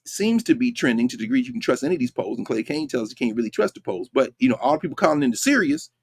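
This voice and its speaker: A man's voice: fairly high pitch, no echo. Emphatic man lecturing in a dry voice. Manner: emphatic, conversational, rhetorical questions to listeners. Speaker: host. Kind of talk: lecture-style political commentary.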